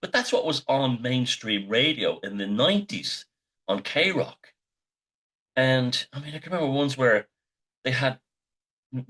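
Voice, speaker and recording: A man's voice: lowish voice, a bit bright. A middle-aged man, the host, telling rambling, sweary anecdotes in a casual monologue.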